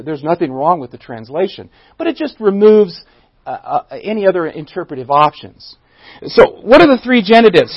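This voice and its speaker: A man with a high voice teaches a Bible passage in a church. He asks his listeners questions, stumbles and restarts, and stresses key words. The recording is dry and muffled. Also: breathy edge, no echo. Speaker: pastor teaching a Bible study. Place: church room.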